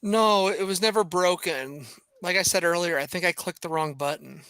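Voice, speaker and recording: A board game player with a sharp, bright tone, talking casually and matter-of-factly during an online stream. The sound is dry and close, with no room echo. It comes over a mic on an online call. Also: medium pitch, normal speed, smooth.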